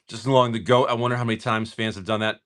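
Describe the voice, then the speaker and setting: A man's voice: mid-range voice, a bit bright. A middle-aged man casually chatting and swearing while he opens card packs for viewers on a livestream. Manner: chatty, swearing, rambling storyteller. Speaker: livestream card-breaking host.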